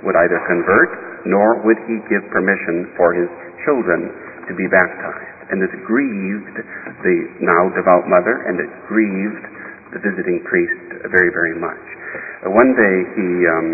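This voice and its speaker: A deep-voiced man preaches a sermon as a bishop, telling a story slowly with pauses and small restarts. His voice carries a long church reverb. The sound is thin and phone-like, with a faint hiss behind it. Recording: reverberant church heard over a tinny, lo-fi line with faint hiss.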